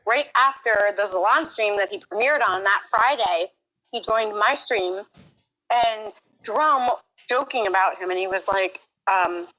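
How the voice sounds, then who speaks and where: A woman's voice: mid-range voice, a little slow, pushed and bright, poor audio. A woman streamer chatting casually and giggling with friends on a live stream. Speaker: fellow streamer.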